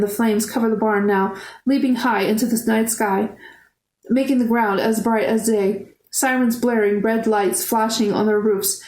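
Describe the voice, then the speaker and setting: A woman reading a novel aloud in steady first-person narration. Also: fairly high pitch. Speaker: audiobook reader. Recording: roomy echo.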